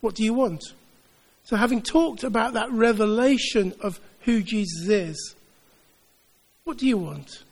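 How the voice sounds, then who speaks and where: In a church, a man preaches an earnest sermon, building his points through repeated phrases. His voice sits high, he speaks a little slowly with frequent pauses, and the sound carries the feel of a large hall.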